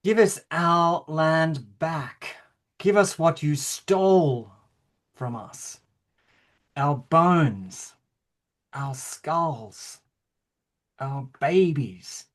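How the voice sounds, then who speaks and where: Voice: mid-range voice, sing-song, measured pace, fairly bright tone. A performer reading the part of a bewildered, indignant king in a play rehearsal, stammering now and then. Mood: solemn. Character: bewildered, pompous king of Australia. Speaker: actor in rehearsal.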